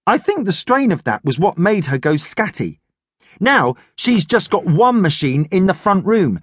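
A man's voice: high-pitched, dry recording, studio quality, pitched above the performer's own voice. A man voicing an eager, imaginative young boy in an audiobook, talking in an earnest, chatty way.

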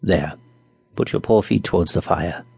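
A man voicing a kindly but cautious coffee-stall keeper who speaks in a low, confidential tone, in a storybook reading. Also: normal speed, creaky, a little mellow, husky, dry recording, full character voice.

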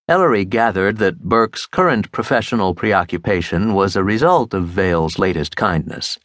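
Lively male audiobook narrator. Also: sits low, normal speed, few pauses, no room sound, clean studio sound. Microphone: close studio mic.

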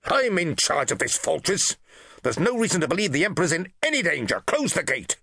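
A man's voice: fairly high pitch, sing-song, extremely slow, vocal fry, pushed and bright, slightly rough, no echo, studio quality, voice pushed up, full character voice. A man doing a cold, arrogant Praetorian commander. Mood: commanding. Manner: curt, authoritative orders.

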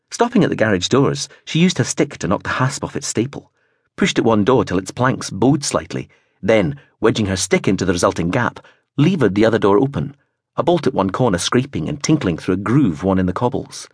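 A man reads a novel aloud in the first person, his husky voice swinging widely in pitch as he tells the story. The read is close and dry, with no room around it. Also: brisk, dry recording. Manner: expressive storytelling with voiced character turns. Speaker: audiobook narrator. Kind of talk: first-person audiobook narration.

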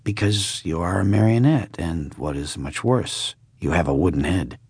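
Man voicing a stern storybook cricket, old and preachy, low husky voice. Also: moderate pace, dry recording. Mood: lecturing. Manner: stern, lecturing.

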